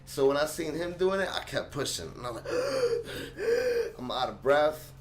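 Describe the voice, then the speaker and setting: A young man telling a personal story to his vlog audience in an animated, slangy way. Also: fairly high pitch, a little fast. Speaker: channel host.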